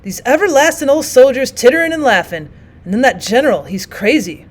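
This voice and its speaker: A woman voicing a young soldier who complains loudly about an injustice, in plain folksy speech. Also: high voice, lively intonation, fairly quick. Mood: aggrieved. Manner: plain rural talk, complaining. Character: aggrieved young male soldier, stout-hearted.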